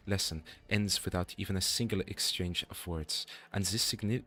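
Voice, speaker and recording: A man's voice: sits low, a bit bright. A man doing a formal sword pupil, mock French. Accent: put-on French. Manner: formal, old-fashioned storybook phrasing. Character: humble young male sword pupil, formal and wistful. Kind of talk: reading game dialogue aloud.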